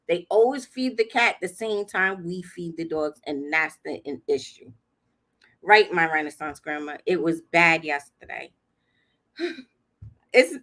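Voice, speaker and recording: A woman with a fairly low, slightly bright voice hosts a livestream, casually telling a story. She's chatty, laughs a lot, and acts out what people said.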